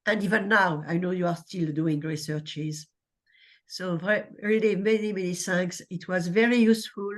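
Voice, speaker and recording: A woman with a French accent, a native French speaker, moderating a conference session in halting English with many uhs and restarts. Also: fairly low pitch, steady tone.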